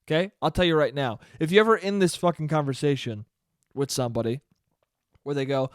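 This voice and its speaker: A young man hosting a solo comedy podcast, ranting sarcastically and swearing constantly, swinging between yelling and low mumbling. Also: animated, quick pace, dry recording, clean studio sound. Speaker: podcast host.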